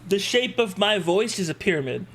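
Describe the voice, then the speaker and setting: A man's voice: sits high, brisk. A young man streaming live, joking around and chatting with his viewers as he reacts to a video. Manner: joking, animated, talks to chat.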